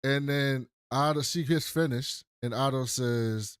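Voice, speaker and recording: Man, podcast co-host, casual profane recap, mid-pitched voice, dry close sound. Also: a little slow, clear, resonant tone, no room sound. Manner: profane, laughing storyteller who acts out the quotes.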